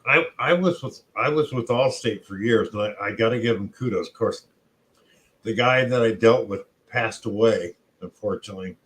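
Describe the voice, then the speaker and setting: A man's voice: on the low side, moderate pace, fairly bright tone, rough recording. Chatty middle-aged man telling stories. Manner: chatty storyteller who acts out quotes. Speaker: co-host. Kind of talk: casual chat.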